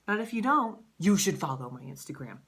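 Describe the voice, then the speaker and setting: A woman in her thirties talking straight to camera in a casual vlog as a life coach, animated and profane, peppering her talk with "like". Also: lowish voice, a little fast, husky. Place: Southern California.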